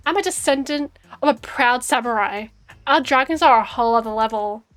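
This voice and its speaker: A woman's voice: on the high side, lively intonation, brisk, a bit bright, faint music behind. A woman putting on a haughty samurai ghost. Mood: mocking.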